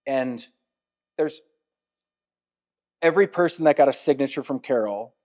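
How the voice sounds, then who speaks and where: A man's voice: medium pitch, unhurried, a little mellow. A man hosting a casual podcast interview, reflective and asking leading questions. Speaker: podcast host.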